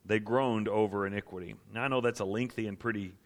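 A man's voice: lowish voice, fairly even intonation, fast. A man preaching a sermon as pastor to a church gathering, earnest and building to impassioned emphasis.

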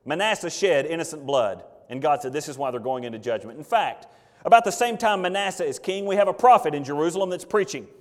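Man preaching, fervent, folksy, slightly high voice, long hall reverb. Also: animated, quick pace. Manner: fervent, swings between loud outbursts and low asides; folksy, plain-spoken. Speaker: pastor. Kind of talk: sermon.

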